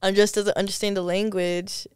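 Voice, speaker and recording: A woman's voice: mid-range voice, level tone, normal speed, smooth, no echo, clean studio sound. A young woman, a podcast guest, telling stories in a rambling casual chat, full of restarts. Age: young adult.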